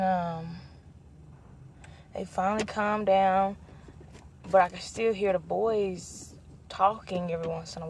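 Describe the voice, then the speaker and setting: A young woman vlogger telling a story in a casual chat, lively and acting out the lines of the people in it. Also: fairly low pitch, slight background noise. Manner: animated, acts out quoted dialogue.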